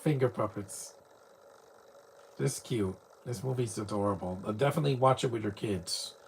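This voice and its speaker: A man giving casual live commentary while watching a movie, chatty and quick to laugh, with mocking asides. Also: on the low side, creaky, slight background noise.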